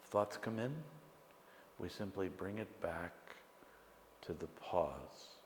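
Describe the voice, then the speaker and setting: A man teaching meditation, speaking slowly and calmly with long pauses between phrases. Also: low voice, slight background noise. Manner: slow, calm, pausing between phrases. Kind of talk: guided meditation lecture. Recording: echoey hall with long reverb, faint ambience.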